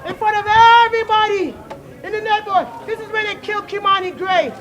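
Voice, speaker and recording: A woman's voice: very high-pitched, fast. A woman speaking at an outdoor protest, grieving and pleading, repeating her words over and over. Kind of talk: impassioned street speech. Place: outdoors on a city street. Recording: loud crowd outdoors. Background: crowd.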